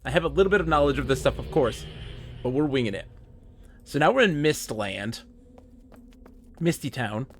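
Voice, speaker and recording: Gravelly-voiced male game streamer, lively pitch, thinking out loud as he plays. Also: normal speed, long pauses, soft background music. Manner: thinks aloud while playing, chatty with a co-player. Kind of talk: live gameplay commentary.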